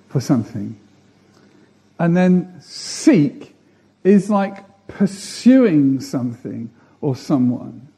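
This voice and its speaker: A man's voice: a little high, dark tone, slightly rough. A man preaching a sermon, earnest, building emphasis through repeated phrases.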